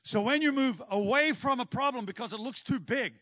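A man preaching a sermon, telling stories with lively energy and acting out the scenes he describes. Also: extremely high pitch, brisk, no echo, lo-fi sound. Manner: animated storytelling, acts out scenes.

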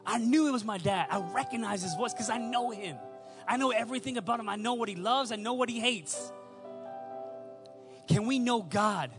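A young man delivers a sermon in a strikingly high voice, weaving personal stories into emphatic, repeated appeals. Faint music plays underneath. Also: moderate pace. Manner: storytelling, emphatic repetition. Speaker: preacher.

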